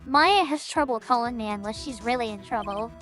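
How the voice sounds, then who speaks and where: A woman voicing a composed senior woman lawyer who speaks in a calm, measured, reassuring way. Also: a little high, soft background music, close to an everyday voice.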